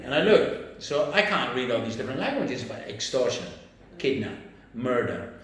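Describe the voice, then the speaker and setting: A man telling stories in a casual chat, profane and lively, often acting out the voices of people he quotes. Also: mid-range voice, normal speed. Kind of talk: casual chat, animated storytelling. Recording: very echoey room with faint noise.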